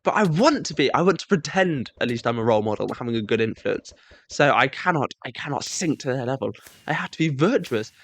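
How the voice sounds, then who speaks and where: A young man telling a sarcastic comedic monologue, mock-self-righteous, breaking into shrill squeaky voices when he mimics kids. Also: animated, brisk, fairly bright tone, no echo. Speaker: comedic storyteller.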